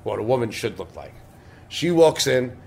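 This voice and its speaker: A man's voice: mid-range voice, sing-song, normal speed, creaky, darkish tone, a little hiss or hum. A man telling a crude, boastful story in casual podcast chat, swearing often. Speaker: storytelling co-host.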